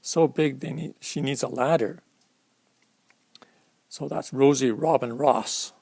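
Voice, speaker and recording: Slow, gentle man reading a picture book. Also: medium pitch, creaky, breathy edge, no room sound. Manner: slow, explaining pictures to young listeners. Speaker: storytime reader. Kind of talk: children's picture-book read-aloud.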